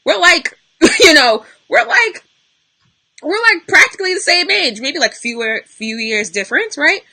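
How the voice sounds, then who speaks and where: A young woman on a live stream, speaking unscripted and close to tears, her voice going hoarse as she talks through grief and greets her viewers. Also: high-pitched, lively intonation, unhurried, sharp tone, low-quality recording. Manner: tearful, talking through grief, greets viewers mid-sentence. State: losing her voice, near tears. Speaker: livestream host. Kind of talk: unscripted emotional live talk.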